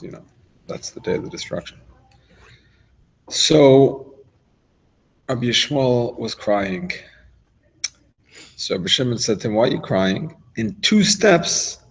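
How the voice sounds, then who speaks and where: A man's voice: lowish voice, vocal fry, breathy edge, poor audio. A man giving an informal Torah lesson, talking it through conversationally with asides and restarts. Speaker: rabbi teaching a class.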